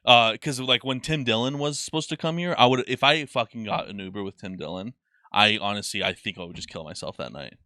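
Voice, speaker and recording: Young man, podcast co-host, rambling casual chat, low bright voice, dry sound. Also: a little fast, dry recording. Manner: profane, rambling, lots of fillers.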